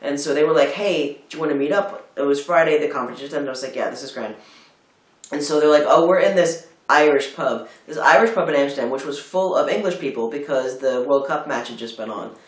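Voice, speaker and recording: A man from Philadelphia chats casually about a film, drifting into long anecdotes and acting out other people's lines. His voice sits a little high. He sounds distant from the mic, in a room with a lot of echo. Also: quick pace. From United States (Philadelphia). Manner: rambling storyteller, acts out quotes. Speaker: film review co-host. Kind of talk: casual chat.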